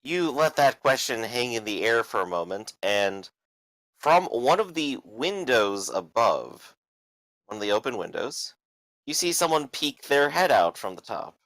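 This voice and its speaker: A man's voice: medium pitch, big pitch swings, a little slow, a bit bright, dry recording. A man running a tabletop game as game master, describing the scene with frequent "uh" fillers.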